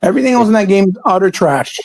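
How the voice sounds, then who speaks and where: A man's voice: high voice, lively intonation, very fast, creaky, a little mellow, dry recording, low-quality recording. A man co-hosting a casual gaming chat, ranting and swearing in exasperation. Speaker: podcast co-host.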